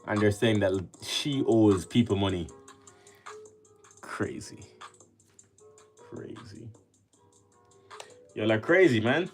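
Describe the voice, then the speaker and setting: A Jamaican man with a fairly low voice hosts a relaxed livestream, talking loosely and greeting viewers by name as their comments come in. Soft music plays faintly behind him. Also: moderate pace, hardly any pauses. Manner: chatty, greets and reads viewer comments aloud. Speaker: livestream host. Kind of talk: casual livestream chat.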